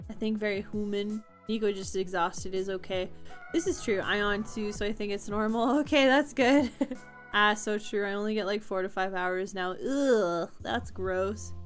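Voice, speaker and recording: A woman's voice: mid-range voice, fairly even intonation, normal speed, soft background music. A young woman streamer chatting casually with her chat from home, answering comments and laughing often.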